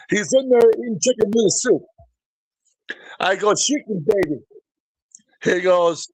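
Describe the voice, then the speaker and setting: A man's voice: high-pitched, expressive, measured pace, pauses often, darkish tone, husky, dry recording, rough recording. A middle-aged man, a professional wrestler, telling rambling backstage anecdotes with chuckles as an interview guest. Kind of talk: casual storytelling interview.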